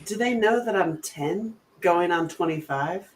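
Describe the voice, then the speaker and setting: A woman's voice: fairly low pitch, a little slow. Chatty woman telling stories, laughing often. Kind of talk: casual chat.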